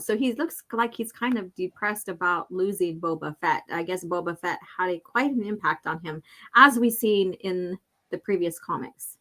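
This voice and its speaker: A woman's voice: fairly low pitch, moderate pace, fairly bright tone. Chatty woman retelling a comic. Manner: chatty, laughs often, acts out quoted lines. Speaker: podcast co-host. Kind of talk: casual chat, reading a comic aloud.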